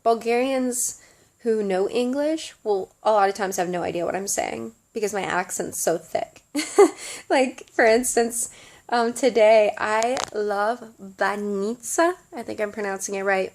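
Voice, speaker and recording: A woman's voice: medium pitch, a little mellow. A young woman with a Southern American accent, chatting casually to camera in a study-abroad vlog, with lots of ums and giggles. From Southern United States. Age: young adult. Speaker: study abroad student vlogger.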